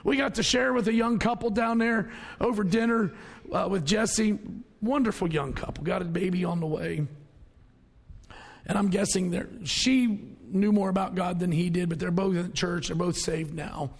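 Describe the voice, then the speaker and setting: Male pastor, high husky gravelly voice, folksy sermon with loud bursts and hushed asides, church hall reverb. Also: moderate pace. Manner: folksy, conversational preaching with sudden loud outbursts and hushed asides.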